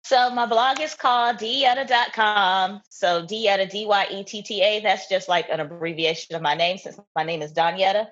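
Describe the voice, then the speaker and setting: A young woman chatting casually as an interview guest, laughing often and talking in an animated way. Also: medium pitch, normal speed, hardly any pauses, dull audio. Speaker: guest, content creator.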